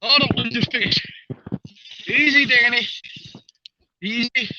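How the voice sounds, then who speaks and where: A man, out of breath, giving excited live commentary to viewers while reeling in a fish outdoors. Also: extremely high pitch, measured pace, long pauses, muffled recording, slight background noise. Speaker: fishing vlogger. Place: outdoors at the water's edge.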